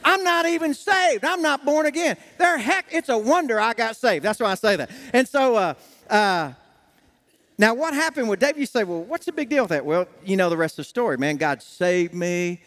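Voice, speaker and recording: A man's voice: high-pitched, expressive, brisk, a bit bright. A man preaching a sermon as pastor, telling a folksy personal story and acting out the dialogue. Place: church sanctuary. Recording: long church hall reverb.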